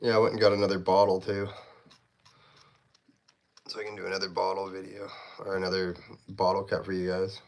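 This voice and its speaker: A man's voice: sits low, monotone, fairly quick, pauses often, a little mellow. A Canadian man with a Canadian accent chatting casually on a knife-sharpening livestream, reading viewer comments aloud while he works.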